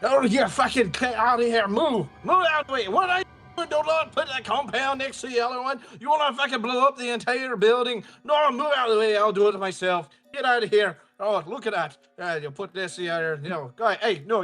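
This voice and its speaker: A screeching, foul-mouthed goblin scientist, as a game master puts him on, barking orders at his lab crew with frantic impatience. The voice jumps far above the speaker's own, loud and harried, over faint background music. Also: extremely high pitch, expressive, normal speed, pitched above the performer's own voice, exaggerated voice. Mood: frantic yelling. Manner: yelling, cursing, frantic. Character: irritable male goblin scientist, bossy, drinks whiskey.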